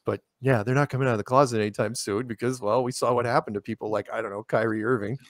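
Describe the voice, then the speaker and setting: Male guest, chatty storyteller with quick laughs, mid pitch, dry sound. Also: no room sound. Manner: animated, laughs often, restarts sentences. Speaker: interview guest. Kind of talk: casual storytelling conversation.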